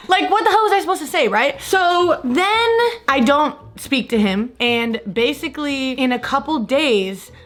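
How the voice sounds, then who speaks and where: A young woman from California telling a personal story in a casual, animated vlog style, full of fillers. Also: high-pitched, unhurried. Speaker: vlogger.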